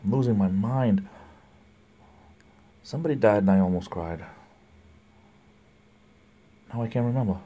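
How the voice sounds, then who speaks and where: Low-voiced man chatting on a livestream. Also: a little slow, long pauses, dark tone. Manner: rambling, chatty, greets viewers by name; laughs often between remarks. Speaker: livestream host. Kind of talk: casual live chat reading viewer comments.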